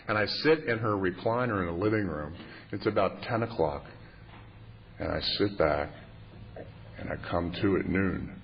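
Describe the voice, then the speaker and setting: A man in his fifties tells his recovery story in a wry, plainspoken and self-mocking way, his voice sitting fairly low. The tape sounds muffled and lo-fi, with a faint hiss underneath. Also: moderate pace, long pauses. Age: 50s. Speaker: recovery meeting speaker. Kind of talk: humorous confessional storytelling.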